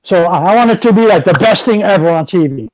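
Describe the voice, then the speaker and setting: A man hosting a casual podcast chat, excitable and full of "you know" fillers. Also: sits high, fast talker, no echo, poor audio. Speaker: podcast host.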